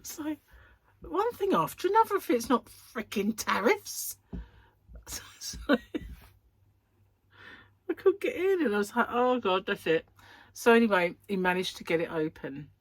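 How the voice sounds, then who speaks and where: A chatty woman rambles through her news, her voice swinging high and low as she acts out little exchanges. There's a husky edge to her tone, and the recording is dry and close. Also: sing-song, moderate pace, long pauses, dry recording. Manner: chatty, rambling, laughs often, acts out dialogue. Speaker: host of a crochet chat channel. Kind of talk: casual chat.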